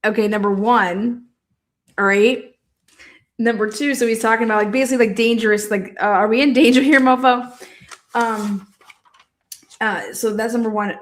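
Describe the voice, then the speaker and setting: A fairly high-pitched woman comments on a trial in a loose, chatty way. She swears freely, laughs often, and speaks directly to her viewers. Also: normal speed. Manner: animated, profane, laughs often. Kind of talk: casual live commentary.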